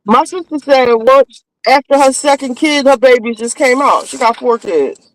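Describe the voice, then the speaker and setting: A woman's voice: high-pitched, normal speed, no echo, low-quality recording. A woman in casual chat, talking bluntly and with swearing about giving birth. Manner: blunt, profane, laid-back talk. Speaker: mother in a friends' chat.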